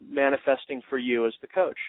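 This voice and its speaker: A man's voice: mid-range voice, fairly even intonation, fairly quick. A man teaching a coaching class in a loose, demonstrative way, acting out what a coach might say. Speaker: coaching trainer. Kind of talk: coaching class over a phone line. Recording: tinny dry phone line.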